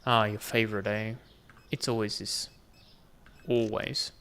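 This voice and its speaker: A man's voice: fairly low pitch, level tone, unhurried, sharp tone, a little hiss or hum. A young man giving casual gameplay commentary and chatting and joking with the customers in the game. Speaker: gaming video host.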